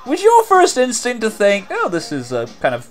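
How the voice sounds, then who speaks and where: A man's voice: very high-pitched, wildly swooping pitch, normal speed, faint music behind. A man giving casual, sarcastic commentary over a video, rambling with lots of filler words. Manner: sarcastic and rambling, many "like" and "you know".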